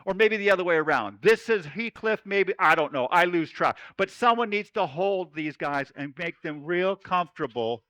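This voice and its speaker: A man's voice: sits high, lively intonation, moderate pace, hardly any pauses, pushed and bright, no room sound, rough recording. A man speaking as a folksy cowboy storyteller, giving a playful chapel talk to children at camp. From Oregon.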